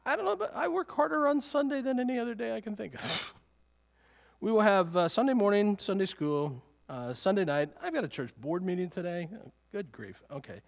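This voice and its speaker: A man's voice: high-pitched, expressive, fairly quick, vocal fry, in a large hall. A male pastor preaching a sermon in a conversational way, full of rhetorical questions and chuckling asides.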